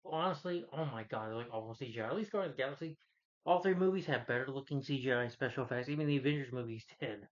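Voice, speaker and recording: A man's voice: mid-range voice, fast, muffled recording. A man giving a casual, opinionated movie review, rambling with many restarts and fillers.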